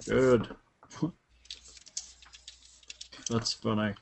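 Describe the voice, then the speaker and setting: A man, playing in a tabletop game, chatting in an amused, halting way with many restarts. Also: fairly low pitch, flat delivery, creaky, a little mellow, a little hiss or hum. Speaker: player. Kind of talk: casual tabletop game play.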